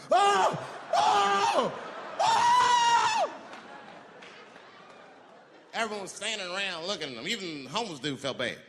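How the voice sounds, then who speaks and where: A man doing stand-up in a big hall, his high voice swinging up and down as he tells the story. The hall's long echo hangs behind him, with a loud crowd laughing and clear noise throughout. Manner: animated, jumps into shrieking high voices for characters. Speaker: stand-up comedian. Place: large hall with live audience. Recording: live hall recording with crowd. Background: audience laughter and crowd noise.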